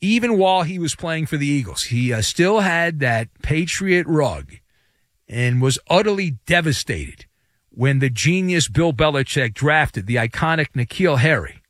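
A male sports radio host delivering a joking, sarcastic monologue in the studio. His pitch sits a little high and swings widely. The sound is dry and close. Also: a bit bright, no room sound.

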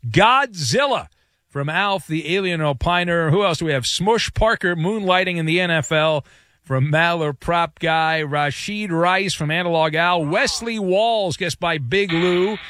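A man hosting a sports talk radio show, excitable and quick to break into shouted chants. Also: a little high, no echo.

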